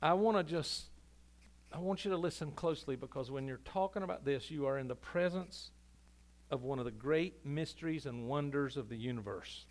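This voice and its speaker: High-voiced preaching pastor, man. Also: normal speed. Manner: impassioned preaching, building to loud emphatic climaxes. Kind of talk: sermon. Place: church sanctuary.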